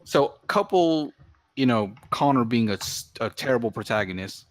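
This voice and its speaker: A man co-hosting a podcast in casual chat, relaxed and joking. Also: medium pitch, normal speed, no echo. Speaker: podcast co-host.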